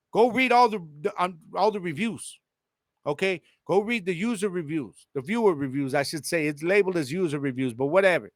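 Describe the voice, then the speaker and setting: A man hosting a casual solo podcast with a Chicano English accent, talking to his listeners in a lively, slangy way. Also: sits high, no room sound, clean studio sound. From El Paso, Texas. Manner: animated, slangy, addresses listeners directly. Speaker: podcast host.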